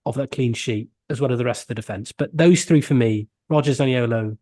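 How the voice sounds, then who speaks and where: A man's voice: mid-range voice, brisk, mellow, dry recording. A man co-hosting a casual football podcast, breaking down a match in an earnest, analytical way with many fillers. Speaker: podcast co-host. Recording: dry close mic.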